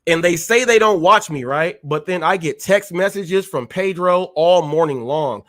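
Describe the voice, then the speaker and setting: A man's voice: on the high side, lively intonation, moderate pace, hardly any pauses, a bit bright. A man hosting a live stream, ranting in a fiery, confrontational way with slangy street talk. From California. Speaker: host. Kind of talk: heated live-stream rant.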